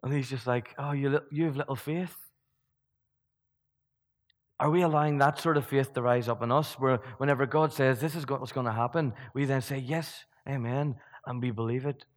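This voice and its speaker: A man's voice: medium pitch, steady tone, brisk, hardly any pauses, in a large hall. A man preaching a sermon in a church, talking conversationally, asking many rhetorical questions and restarting his sentences.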